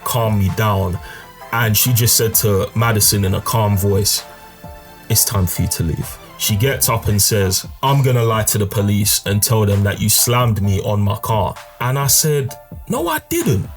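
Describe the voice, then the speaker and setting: A young man with a fairly low voice tells a personal story in a loose, slangy, emphatic manner. He talks like a gaming channel host speaking straight to his viewers. Faint background music plays under him. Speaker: gaming YouTuber telling a story. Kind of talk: casual storytime over gameplay.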